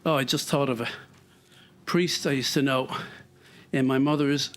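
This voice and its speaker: A man's voice: mid-range voice, fairly even intonation, moderate pace, faint music behind. An Irish man thinking aloud while walking on a treadmill, reflective and rambling, with lots of fillers. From Ireland. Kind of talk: casual thinking-aloud monologue.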